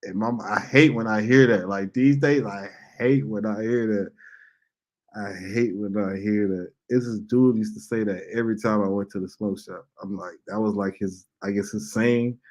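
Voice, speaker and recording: A man's voice: lowish voice, fairly even intonation, normal speed, a little mellow. A man, hosting a casual monologue and telling stories in blunt, profane slang. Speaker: host.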